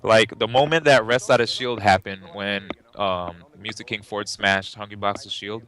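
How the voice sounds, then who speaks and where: A man co-hosting a gaming talk show, telling lively stories and acting out what people said. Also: lowish voice, moderate pace. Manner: animated storyteller, acts out quotes. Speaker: podcast co-host. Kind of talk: casual chat.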